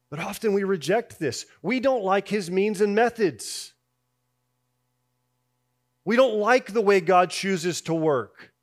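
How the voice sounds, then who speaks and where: Higher-voiced man preaching conversationally. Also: slow, pauses often. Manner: conversational preaching, drops soft on key lines, rises when voicing doubts. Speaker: pastor. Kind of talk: sermon.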